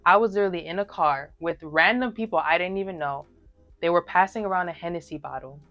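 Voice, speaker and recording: A woman's voice: on the low side, fast talker, muffled recording, soft background music. A woman in her early twenties sharing a personal faith testimony in casual, emphatic talk straight to her viewers, full of fillers. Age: early 20s.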